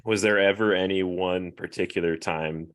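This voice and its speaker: A man hosting a podcast, asking drawn-out questions in a casual way and laughing often. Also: sits low, fairly even intonation, fairly bright tone. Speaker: podcast host. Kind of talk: casual interview.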